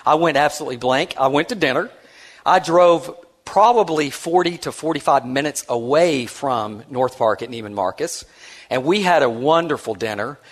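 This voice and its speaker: Animated storytelling man on stage. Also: mid-range voice, moderate pace. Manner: animated, acts out quoted voices; self-deprecating and conversational, with many restarts. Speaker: conference speaker. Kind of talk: storytelling keynote address.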